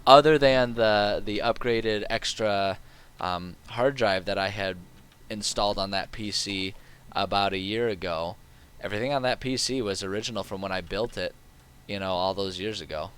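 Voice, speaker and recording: A man's voice: fairly low pitch, normal speed, fairly bright tone, smooth. A man streaming a game live, talking casually and rambling with lots of fillers. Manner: rambling and chatty, with many fillers.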